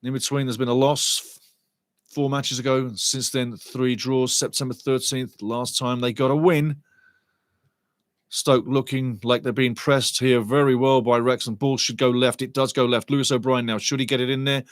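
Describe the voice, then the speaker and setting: A man hosting a live football watchalong, giving rambling, chatty match commentary and shouting out to viewers in the chat. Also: mid-range voice, little pitch movement, normal speed, no echo. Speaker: watchalong host.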